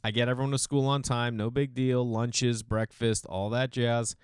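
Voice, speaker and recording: Smooth-voiced man in a casual monologue. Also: mid-range voice, normal speed, no room sound, clean studio sound. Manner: animated storytelling, mimics voices. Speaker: podcast host.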